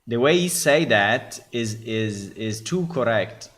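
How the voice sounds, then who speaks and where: A man with an Italian accent talks slowly and loosely, circling back over his words as he reviews AI voices. His speech is unhurried and laid-back, with Italian as his first language. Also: medium pitch, animated, fairly bright tone. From Italy. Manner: rambling, repeats words, laughs often. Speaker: game developer. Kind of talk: casual commentary on AI voices.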